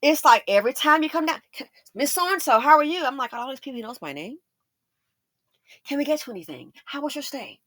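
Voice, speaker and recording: A woman hosting a casual commentary monologue, telling personal stories in an animated way and acting out the voices of the people she quotes. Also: fast, no echo. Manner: animated storytelling, acts out quoted voices with big pitch jumps. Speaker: commentary channel host.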